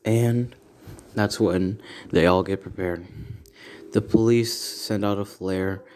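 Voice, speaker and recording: A man's voice: deep voice, steady tone, takes it slowly, darkish tone, a little hiss or hum. A young man improvising a fan story, rambling and correcting himself as he goes.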